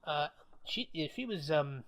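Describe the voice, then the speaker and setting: A man's voice: on the high side, animated, unhurried, a bit bright. A man co-hosting a podcast, chatting casually about films and thinking aloud with fillers. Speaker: podcast co-host. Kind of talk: casual film review chat.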